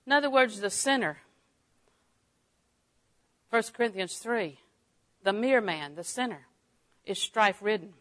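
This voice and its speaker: An older woman teaching a Bible lesson, lively and chuckling often, acting out her own thoughts in quotes. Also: mid-range voice, unhurried, long pauses. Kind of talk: sermon.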